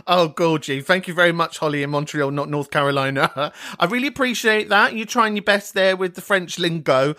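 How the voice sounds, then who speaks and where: A man's voice: high-pitched, animated, normal speed, pushed and bright. Giggly, sweary man hosting a podcast. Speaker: podcast host. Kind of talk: casual chat reacting to voicemails.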